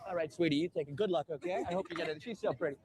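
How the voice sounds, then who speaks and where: A man's voice: a little high, rapid-fire, noisy background. A man livestreaming on a city street, chatting with passersby and his viewers. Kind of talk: casual street livestream chat.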